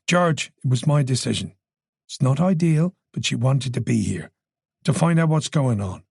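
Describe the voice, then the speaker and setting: A narrator voicing a calm, reasonable Irish police chief who speaks in a soothing way. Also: male voice, mid-range voice, moderate pace, vocal fry, slightly rough, no room sound, studio quality. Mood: reassuring.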